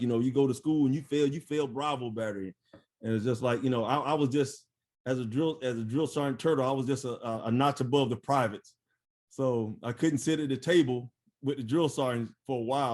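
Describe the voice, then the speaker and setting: A middle-aged man, a retired army first sergeant, telling stories in a casual interview, animated, laughing often and full of fillers. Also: medium pitch.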